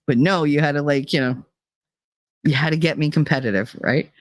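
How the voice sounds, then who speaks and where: A woman's voice: low voice, brisk. Blunt, swearing woman in casual chat. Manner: blunt, profane, laughing storyteller. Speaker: podcast host.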